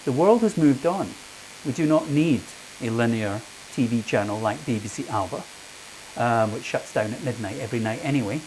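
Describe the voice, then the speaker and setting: A man's voice: medium pitch, expressive, moderate pace, a little mellow, a little hiss or hum, poor audio. A middle-aged man speaking on a panel, chatty and anecdotal, restarting his sentences often. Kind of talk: public talk answering questions. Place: meeting room with audience.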